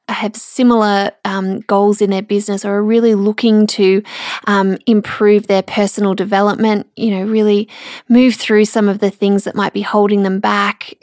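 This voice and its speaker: A woman's voice: mid-range voice, no echo. Tearful woman, dry close sound. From Australia. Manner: candid and emotional, halting with restarts. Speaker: podcast host. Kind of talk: personal podcast monologue.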